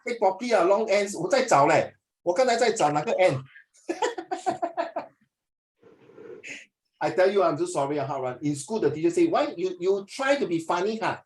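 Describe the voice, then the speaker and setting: A man's voice: moderate pace, long pauses. A Singaporean man runs a lesson in a loose, joking way. His voice swings up and down a lot as he teases students and slips between languages. He sounds playful and never stays on one note. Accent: Singaporean English. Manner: animated, teasing, mixes languages, lively pitch swings. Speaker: tutor.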